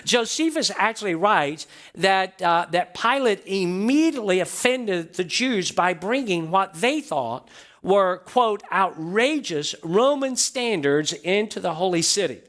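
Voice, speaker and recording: A man's voice: high voice, expressive, unhurried, a bit bright. A man pastor preaching a sermon to his church, stressing points by repeating phrases and asking the congregation questions. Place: church sanctuary.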